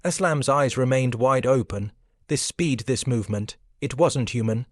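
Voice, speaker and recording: A man narrating a scripted supernatural story in a steady, even storytelling manner. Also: mid-range voice, normal speed, no echo. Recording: dry close recording.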